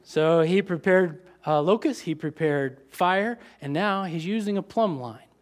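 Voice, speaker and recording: Male preacher, high-pitched, animated conversational sermon delivery. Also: measured pace. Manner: animated, conversational with asides and laughs.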